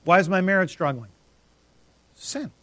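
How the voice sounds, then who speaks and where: Emphatic preacher man, higher voice. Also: expressive, moderate pace, a bit bright, no room sound. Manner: emphatic, rising and dropping to near silence for effect. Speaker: pastor. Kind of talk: sermon.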